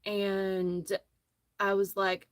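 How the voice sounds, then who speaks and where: A woman's voice: mid-range voice, flat delivery, very slow, dry recording. A woman hosting a casual crochet livestream from her phone, telling a rambling, friendly story as she works. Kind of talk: casual chat while crocheting.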